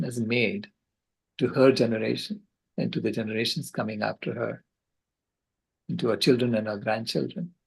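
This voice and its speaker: An older man on a video call, giving a passionate, earnest storytelling talk with halting restarts. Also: mid-range voice, creaky, breathy edge, rough recording. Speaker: conference speaker.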